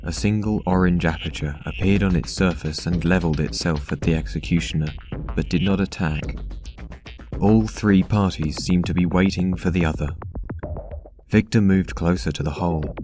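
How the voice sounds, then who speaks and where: A man reading a dark story aloud in a measured, even narration. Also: low-pitched. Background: synth music.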